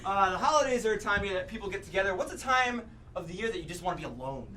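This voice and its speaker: A man with an American accent, an improv performer, talking in a jokey, animated way on a live comedy stage. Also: high voice, fast. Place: small comedy theater stage. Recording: distant mic, noisy live crowd.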